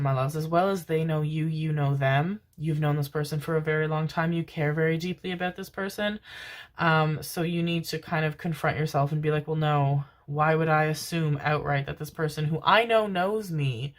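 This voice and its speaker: A woman giving a pick-a-card tarot reading, affectionate and rambling, with casual swearing. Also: deep voice. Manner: affectionate, calls listeners "my loves", casual swearing; rambling, many fillers and restarts. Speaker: tarot reader.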